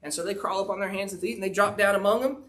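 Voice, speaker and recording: A man's voice: high voice, racing, a bit bright. A man, preaching a sermon in a folksy, storytelling way, full of "um" and "you know". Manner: folksy storytelling with frequent fillers. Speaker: pastor. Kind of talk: sermon, retelling a Bible story.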